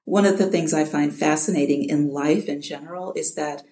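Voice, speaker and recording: A middle-aged audiobook narrator from Chicago speaks casually in an interview with a low, dark, steady voice at normal speed, in a roomy-sounding space. She often restarts with repeated words and laughs.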